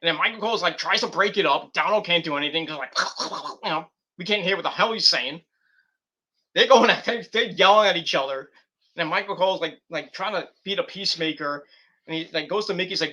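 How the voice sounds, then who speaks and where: Guy rambling about wrestling, really bright tense voice, kinda high, lots of restarts. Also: a little fast. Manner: rambling, giggly, many restarts and fillers. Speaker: wrestling show reviewer. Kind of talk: rambling casual commentary.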